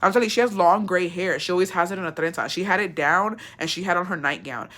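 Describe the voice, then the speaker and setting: A young woman telling her viewers a story in a casual, animated way, swearing a lot and slipping between English and Spanish. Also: fairly low pitch, fast talker.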